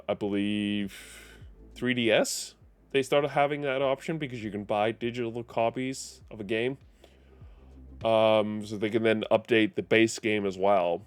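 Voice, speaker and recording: Rambling man streamer, smooth voice. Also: fairly low pitch, steady tone, a little slow. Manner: rambling, self-correcting, chuckling. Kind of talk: casual live-stream chat. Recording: faint music behind.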